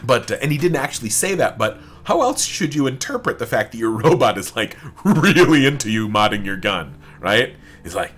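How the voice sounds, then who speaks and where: A man's voice: medium pitch, sing-song, normal speed, hardly any pauses, a bit bright. A man giving rambling, joking let's-play commentary while playing, swearing casually. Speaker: gamer.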